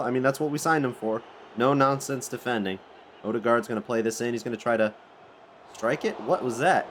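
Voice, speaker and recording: A man giving live play-by-play commentary on his own football video game, rambling and breaking into sudden excited outbursts. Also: lowish voice, a little hiss or hum. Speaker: gaming channel host.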